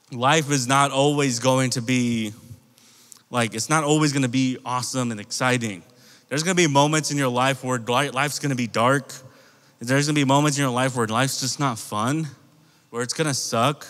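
A man's voice: mid-range voice, steady tone, normal speed, fairly bright tone. An American man preaching to a youth group in a casual, storytelling way and speaking directly to the kids. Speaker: youth pastor. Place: church youth hall. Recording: long reverb from a large hall.

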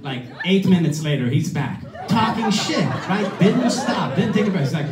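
Animated man telling a story on stage. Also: high voice, normal speed, few pauses, recorded from a distance, a crowd in the background. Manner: loose, animated, peppered with "right?" and "like"; drops into muttered voices when quoting others. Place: stage before a live audience. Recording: roomy live venue, audience noise. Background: audience laughter.

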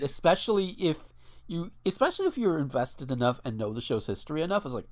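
A man's voice: a little high, very animated, a little fast. A man hosting a casual podcast, rambling with restarts and swearing freely. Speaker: podcast host.

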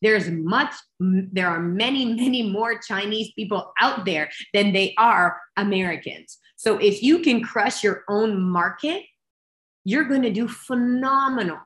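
A woman business coach speaking as a guest, emphatic and expressive, often restarting her sentences. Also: medium pitch, unhurried, roomy sound. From Canada. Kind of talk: energetic coaching talk.

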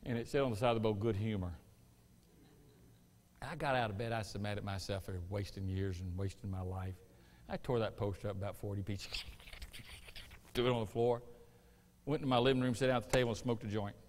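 A man preaching a sermon as pastor, building to loud emphatic peaks between folksy asides. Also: fairly low pitch, fairly even intonation, a little fast, pauses often, big-room sound, slight background noise. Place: church sanctuary.

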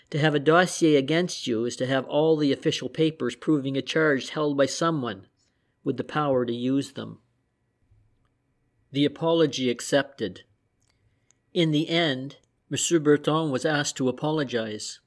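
Man reading an audiobook, measured pace. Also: medium pitch. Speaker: audiobook reader. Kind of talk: audiobook narration.

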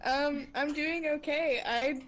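Chatty higher-voiced woman gamer. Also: slow. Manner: chatty, laughing, teasing. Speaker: guest player. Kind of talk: casual gaming chat.

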